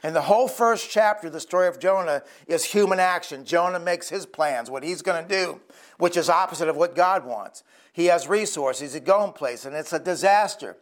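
Earnest preacher, higher-pitched man. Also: moderate pace. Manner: earnest, conversational storytelling. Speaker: pastor. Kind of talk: sermon.

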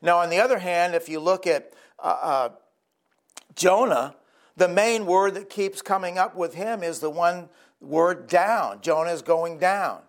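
A man's voice: high-pitched, unhurried. A male pastor preaching a sermon in an earnest, conversational storytelling way.

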